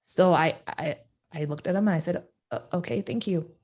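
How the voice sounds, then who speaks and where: A woman guest in an interview telling a personal story, acting out the quoted voices with sudden jumps in pitch. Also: normal speed, a little mellow.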